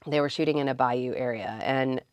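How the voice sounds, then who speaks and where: A woman with a low voice spins animated anecdotes, slipping into quoted lines. The recording is dry and close, with no room sound. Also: fairly quick, smooth, no room sound, lo-fi sound. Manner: lively anecdotal, animated quoting. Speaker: film commissioner. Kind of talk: storytelling in an interview.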